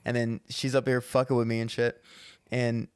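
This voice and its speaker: A man co-hosting a podcast and telling a profane, animated story as a stand-up comedian in casual chat. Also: mid-range voice, normal speed, clean tone, dry recording, studio quality. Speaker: podcast co-host.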